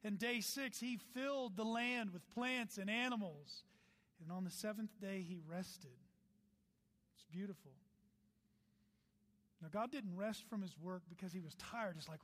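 A man preaches with a high, bright voice that rises and falls eagerly. He breaks off for playful asides and read-out quotes. His words carry long reverb through a large hall. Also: measured pace. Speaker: pastor. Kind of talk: sermon.

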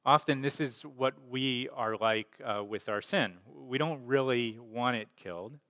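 Speaking at a middle pitch with a slightly bright tone, a male pastor gives an easygoing sermon. He lingers on filler words and repeats himself, while each phrase trails off into long, big-church reverb.

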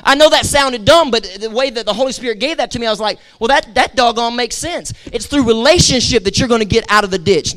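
A pastor with a high-pitched, fairly bright voice preaches a sermon, emphatic and repetitive. He repeats words for emphasis, trades call-and-response with his congregation, and drops in casual asides.

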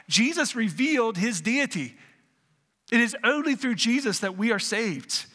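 A man preaching a sermon as pastor, earnest, with dramatic pauses, in a church sanctuary. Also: very high voice, expressive, sharp tone, long reverb tail.

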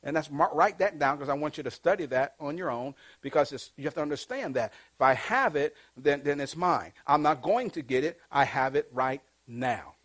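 A male pastor preaching with fervor, his voice sitting a touch high for a man. He leads the congregation in call-and-response and pushes hard on the key lines. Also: lively intonation, normal speed, hardly any pauses, fairly bright tone. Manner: preaching with call-and-response, rising to emphatic bursts. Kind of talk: sermon.

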